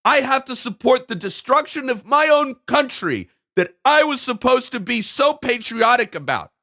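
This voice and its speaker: A man's voice: very high-pitched, sing-song, moderate pace, sharp tone. A man hosting his own video, delivering a heated solo monologue to camera in an emphatic, ranting way with repeated phrases. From United States. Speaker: video host.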